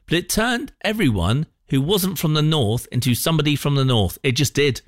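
A man presenting a breakfast radio show from a studio, chatting and telling a story with animated voices. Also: a little high, moderate pace, no echo. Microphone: studio microphone.

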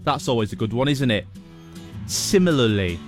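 A man's voice: medium pitch, animated, moderate pace, faint music behind. A man presenting a radio show in a studio, chatty and playful, with a few light stumbles. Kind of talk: casual radio chat.

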